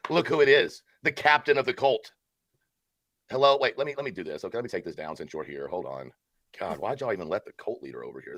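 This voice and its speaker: Gravelly, mock-solemn male streamer. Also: low voice, no room sound, clean studio sound. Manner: theatrical, sarcastic, mock-solemn. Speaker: live stream host. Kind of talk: mock support-group speech, then casual live chat.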